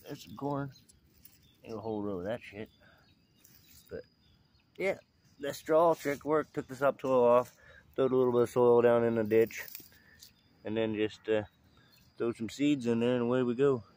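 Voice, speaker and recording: A man's voice: medium pitch, fairly even intonation, moderate pace, pauses often, darkish tone. A middle-aged man, giving a casual, rambling, profane update to the camera. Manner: profane, rambling, talks in short bursts. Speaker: vlogger.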